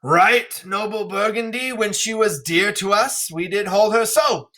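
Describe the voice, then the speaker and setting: Man doing angry old king, high raised voice, loud declaiming, bright tone. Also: unhurried, full character voice. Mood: wrathful. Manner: declaiming Shakespeare verse, raised and emphatic. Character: old male king, furious and proud. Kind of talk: classroom read-aloud.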